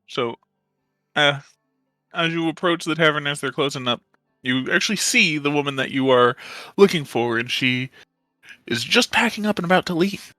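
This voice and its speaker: A man narrating a tabletop game with a bright, forceful tone, close to the mic in a dry room with faint music behind him. He jokes and laughs easily while running the scene. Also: a little high, normal speed, no room sound. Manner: laid-back, laughing, joking narration. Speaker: game master.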